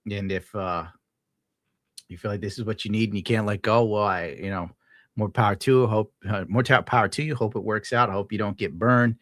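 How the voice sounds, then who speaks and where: A man talks casually on a livestream, rambling and swearing as he reacts to chat. His voice is bright and forceful. The sound is dry and close, with no room echo. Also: fairly low pitch, steady tone, a little fast. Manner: profane, rambling, laughs often. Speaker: livestreamer reading chat messages.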